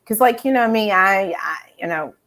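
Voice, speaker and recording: A woman's voice: medium pitch, moderate pace, a bit bright. A woman hosting a casual pop culture chat, enthusiastic and rambling, with many fillers and restarts. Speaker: host.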